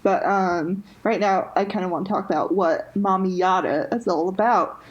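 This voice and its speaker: A woman's voice: medium pitch, moderate pace, husky, highs cut off. A woman co-hosting a podcast, telling a story in a casual chat full of "like" and "um". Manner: chatty, heavy use of "like" and "um". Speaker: podcast co-host.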